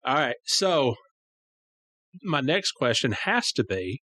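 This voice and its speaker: A man's voice: mid-range voice, very animated, takes it slowly, bright, forceful tone, no room sound. Man hosting a podcast interview. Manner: short reactions and follow-up questions. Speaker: podcast host.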